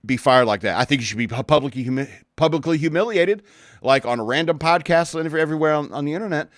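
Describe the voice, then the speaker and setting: A man's voice: a little high, dry recording, clean studio sound. A man hosting a podcast, ranting bluntly and sarcastically with many restarts. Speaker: podcast host. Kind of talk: casual opinion rant.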